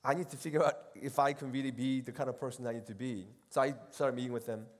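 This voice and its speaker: A middle-aged seminary professor gives a casual, animated retreat talk, swinging between loud and soft as he performs quoted voices. His voice is medium-pitched and fast, and a long hall reverb hangs on the recording.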